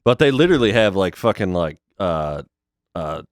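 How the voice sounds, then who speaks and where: A man's voice: deep voice, big pitch swings, moderate pace, dry recording, clean studio sound. A man talking bluntly with lots of swearing in casual podcast chat. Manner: blunt, profane, laughs easily. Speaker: podcast guest.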